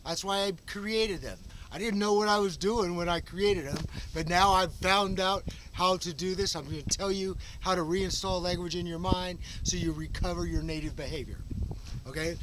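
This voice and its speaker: A man's voice: high-pitched, background noise. A man talking in a rambling, unscripted monologue, full of restarts and fillers. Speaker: vlog host.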